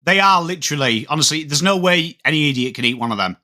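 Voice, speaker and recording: A man's voice: fairly high pitch, fast talker. Chatty man streaming footy commentary. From England. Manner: chatty, reads out viewer comments, rises excitedly on plays. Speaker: watchalong streamer. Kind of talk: live game commentary mixed with chat.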